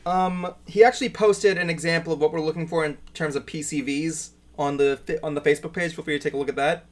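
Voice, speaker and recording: A man's voice: a little high, steady tone, quick pace. A man hosting a casual livestream chat, rambling and chatty, trailing off with fillers. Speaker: podcast host.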